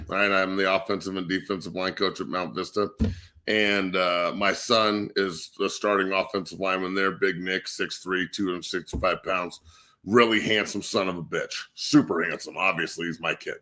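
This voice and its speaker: Loud, profane man telling a story. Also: sits low, fairly even intonation, moderate pace. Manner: crude, boisterous, swears constantly. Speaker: podcast guest, high school line coach.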